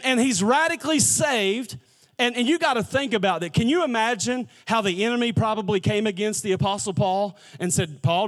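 Preacher guy with a really high voice, chatty and emphatic, keeps asking the crowd stuff. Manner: conversational, emphatic, asks the congregation questions. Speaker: pastor. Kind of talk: sermon.

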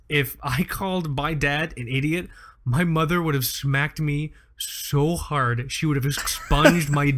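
A man in his thirties co-hosting a podcast, telling exaggerated, profane stories in a casual comedic chat. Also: on the high side. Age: 30s. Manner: animated storytelling, profane, exaggerated. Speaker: podcast co-host.

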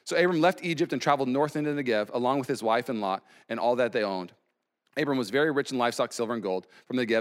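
A man in his thirties preaching a sermon as pastor, animated, with sudden loud exclamations. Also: medium pitch.

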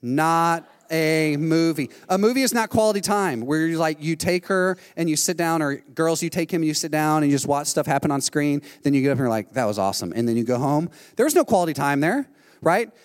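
Animated man preaching in a reverberant hall. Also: a little high, fast. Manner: animated storytelling, acting out quotes. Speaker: pastor. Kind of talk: sermon.

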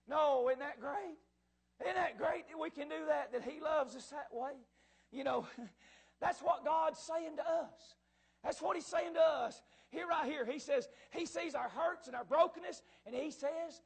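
Male pastor, fervent sermon delivery; very high pitch with a gravelly edge. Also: measured pace. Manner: fervent preaching that swells into shouts, with chuckles.

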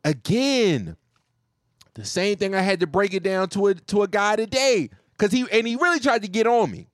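A man telling a profane, joking story about his telemarketing job, animated and casual. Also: sits high, normal speed, no echo.

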